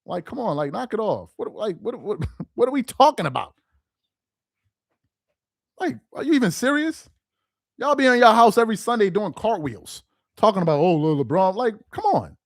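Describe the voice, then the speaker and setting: Worked-up guy going off about basketball fans, high voice jumping all over, dead dry room, aave slang. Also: very animated, moderate pace, vocal fry, long pauses, dry recording. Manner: heated, mocking, repetitive rhetorical questions. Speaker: sports commentary host. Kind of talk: casual ranting commentary.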